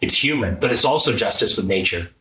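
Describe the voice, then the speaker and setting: A man's voice: lowish voice, expressive, fast talker, sharp tone. A man as an interview guest, explaining his ideas in an earnest, thoughtful way and thinking aloud as he tells a story. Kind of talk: reflective conversational explanation. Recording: roomy, distant mic, faint noise.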